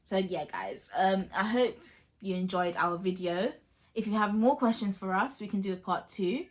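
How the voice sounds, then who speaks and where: A woman's voice: mid-range voice, moderate pace. A young woman hosting a casual couple Q&A vlog, chatty and laughing often. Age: young adult. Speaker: vlog host.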